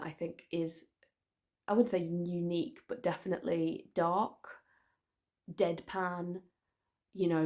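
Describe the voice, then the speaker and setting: A woman's voice: fairly low pitch, darkish tone. Chatty Scottish woman with a light Edinburgh accent. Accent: light Edinburgh Scottish, close to English. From Scotland. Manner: chatty, rambling with fillers and restarts. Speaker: comedian answering viewer questions. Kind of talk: casual Q&A chat.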